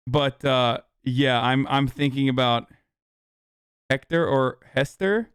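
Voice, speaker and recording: Rambling, clear-voiced male streamer. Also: medium pitch, slow pace, a bit bright, dry recording, studio quality. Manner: loose, rambling, swears freely. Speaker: livestream host. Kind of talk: casual chat with chat viewers.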